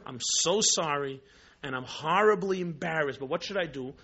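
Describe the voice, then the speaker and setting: A pleading, apologetic man who keeps losing his temper, put on by a male speaker. His high, bright voice begs forgiveness over and over. The recording sounds dull and lo-fi. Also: normal speed, breathy edge. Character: remorseful grown man with uncontrollable rage.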